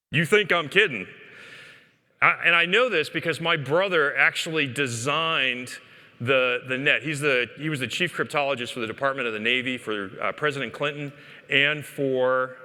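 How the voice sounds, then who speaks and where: A man giving a joking, animated conference talk, speaking straight to the audience in a conference hall. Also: medium pitch. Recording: long hall reverb.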